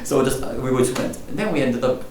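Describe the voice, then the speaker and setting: A man's voice: medium pitch, expressive, fast talker, darkish tone. Rambling man, roomy echo. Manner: rambling, joking, laughs often. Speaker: podcast host. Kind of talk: casual podcast chat. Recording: roomy echo, distant mic, faint noise.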